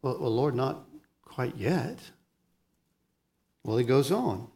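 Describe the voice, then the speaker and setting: A man preaching a sermon as pastor, swinging between soft, low lines and loud, lively ones, often restarting his words. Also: takes it slowly, gravelly.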